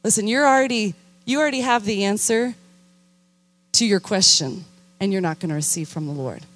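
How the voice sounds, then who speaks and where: A young adult woman, a youth minister, preaching a sermon in an animated, emphatic way and calling for responses from her listeners. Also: medium pitch, brisk, no echo.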